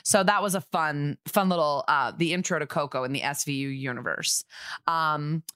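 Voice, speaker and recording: A woman co-hosting a podcast, casually recapping a TV episode with irreverent asides and quick impressions. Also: deep voice, a bit bright, smooth, no room sound, clean studio sound. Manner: chatty, irreverent, acts out lines from the episode. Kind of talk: casual chat.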